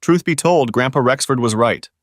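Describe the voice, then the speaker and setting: A man's voice: medium pitch, normal speed, no echo, studio quality. A man narrating a first-person relationship story, speaking in an earnest, confrontational storytelling manner.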